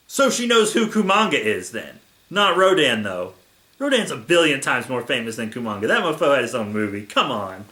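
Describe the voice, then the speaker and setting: Sarcastic young male host, comedic reading commentary, bright voice, roomy echo. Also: medium pitch, very animated, normal speed. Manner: sarcastic, exasperated. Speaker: host reading fan fiction aloud.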